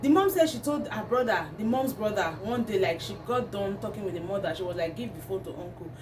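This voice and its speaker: A woman's voice: mid-range voice, expressive, a little fast. A woman, talking to camera as a vlogger and ranting with indignation. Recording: distant mic, faint background noise.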